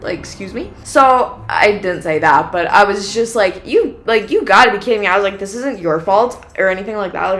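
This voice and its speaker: A young woman co-hosts a casual podcast and tells her story with animation, acting out both sides of a quarrel. Her pitch sits in a middle range, and faint music plays underneath. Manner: animated storyteller, acts out quoted exchanges with many "like"s. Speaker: podcast co-host.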